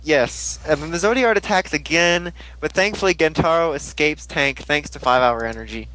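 A man's voice: on the high side, moderate pace, pushed and bright, rough recording. A young man hosting a casual podcast, rambling and laughing as he recaps an episode. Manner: giggly, rambling, mimics characters while recapping. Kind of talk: casual chat.

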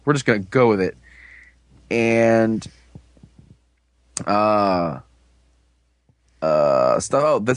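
A man casually recapping a TV episode, rambling and joking with quick asides. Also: medium pitch, no room sound. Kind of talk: casual chat.

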